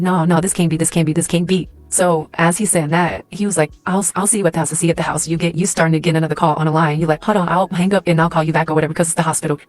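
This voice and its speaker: A woman's voice: low-pitched, a little mellow. A woman telling a casual storytime in second person, profane, acting out the quoted lines. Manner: fast, profane, acts out quoted dialogue. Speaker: storyteller in a clip.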